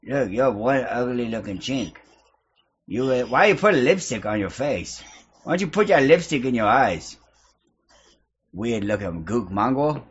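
A man's voice: medium pitch, animated, a little slow, long pauses, slightly rough. A man hosting provocative video chats with strangers, talking in a taunting, mocking, crude way over lo-fi audio. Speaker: host of a video-chat prank stream. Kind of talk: provocative casual chat with strangers. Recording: lo-fi online video-chat audio.

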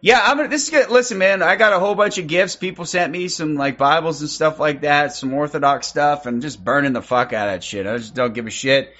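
Man streaming with brisk shout-outs. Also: a little high, muffled recording. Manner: rapid shout-outs, profane, loose. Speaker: livestream host. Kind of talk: casual livestream chat.

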